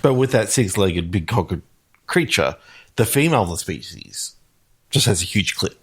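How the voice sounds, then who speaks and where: A husky man with a lowish voice, co-hosting a casual chat. He laughs easily and keeps steering toward crude jokes. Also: big pitch swings, normal speed. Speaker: podcast co-host.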